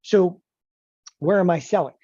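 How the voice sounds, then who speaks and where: A man teaching options trading in an animated lecture, emphatic and joking, often checking in with the listener. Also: high voice, measured pace, slight background noise. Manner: emphatic, joking, keeps asking "okay?". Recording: dull lo-fi dry recording.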